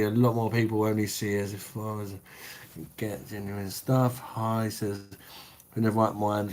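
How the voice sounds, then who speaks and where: A middle-aged man with a Cockney and Kentish accent, casually chatting on a livestream and reading out viewer comments in a matey, sweary way. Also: fairly low pitch. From South East England, London. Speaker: beer review livestream host.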